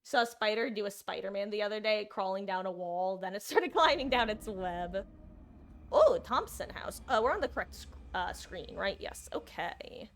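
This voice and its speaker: A young woman from New Jersey chats and rambles to viewers as she plays a game on stream. Her mid-range voice has lively intonation and a moderate pace, with slight background noise. She stays chatty and greets people mid-story.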